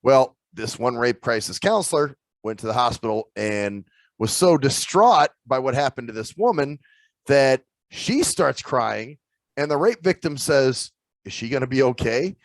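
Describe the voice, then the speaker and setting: A man's voice: medium pitch, animated, a little slow, dry recording. A man co-hosting a casual podcast, telling stories with plenty of swearing. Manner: storytelling, profane. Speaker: podcast co-host. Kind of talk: casual chat.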